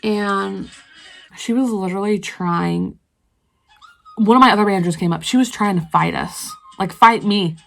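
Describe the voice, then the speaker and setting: A woman's voice: mid-range voice, normal speed, creaky, a bit bright, soft background music, rough recording. A young woman vlogging casually, rambling through a story while she does her makeup. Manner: rambling, chatty, lots of fillers. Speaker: beauty vlogger.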